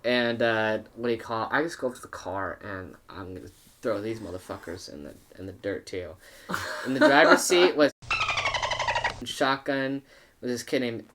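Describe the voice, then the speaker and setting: A young man, a podcast guest, telling a party story in casual chat, swearing and acting out quotes. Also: moderate pace. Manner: animated, profane, acts out quotes with big pitch jumps.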